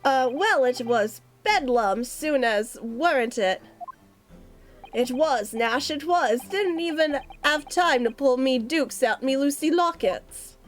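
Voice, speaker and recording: A woman voicing a pair of scrappy Cockney brothers, petty thieves, talking in rough street slang. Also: high-pitched, animated, slow pace, faint music behind. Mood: shifty. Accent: Cockney put-on.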